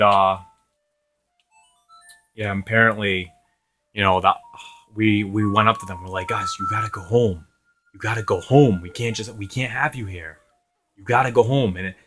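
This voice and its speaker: Young man, gaming channel host, lowish pitch, crisp forceful tone, loose profane storytelling. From Rhode Island, USA. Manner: rambling, profane, laughs often. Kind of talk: casual storytelling over gameplay.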